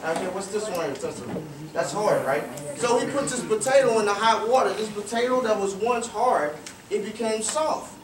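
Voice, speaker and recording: Casting: man with a high voice, interactive storyteller asking the audience questions, in an echoey room, faint ambience. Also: animated, normal speed, background noise. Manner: repeats phrases for emphasis. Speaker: guest speaker at a youth cricket academy. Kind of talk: motivational storytelling talk. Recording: roomy, distant, faint ambience.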